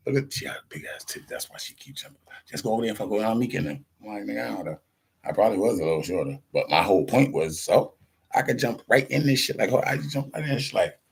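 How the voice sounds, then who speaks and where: In a loose, slangy monologue full of profanity, a man rambles from story to story, laughing often and acting out the voices of the people involved. His very low voice is husky and rough with a gravelly edge.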